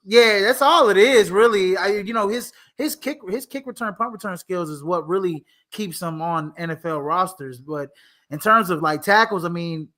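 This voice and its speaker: A man with a high voice talks sports in a loose, rambling way. He leans on fillers and restarts, laughs easily, and sounds relaxed. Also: moderate pace. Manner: laid-back, lots of fillers and restarts, laughs often. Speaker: podcast co-host. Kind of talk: casual sports talk.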